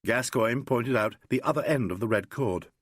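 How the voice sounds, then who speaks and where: Husky male audiobook narrator. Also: medium pitch, moderate pace, no echo, clean studio sound. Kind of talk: scripted narration.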